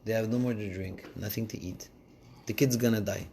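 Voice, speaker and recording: A man giving a casual Torah lesson, telling the story in an animated way and switching between languages. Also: fairly low pitch, fairly quick, vocal fry, a little hiss or hum. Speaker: Torah teacher.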